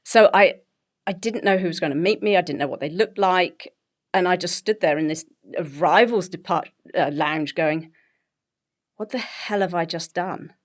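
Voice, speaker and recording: A woman in her forties from England with a BBC-style English accent, telling her story as an interview guest with animated, laughing delivery. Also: on the low side, normal speed. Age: 40s. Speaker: guest, health coach. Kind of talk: conversational interview.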